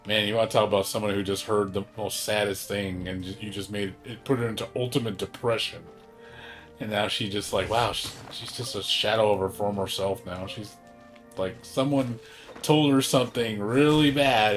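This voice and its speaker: Rambling young male streamer, low voice. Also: normal speed, faint music behind. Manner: rambling, filler-heavy, cursing, emphatic. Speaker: livestreamer. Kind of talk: casual gaming stream chat.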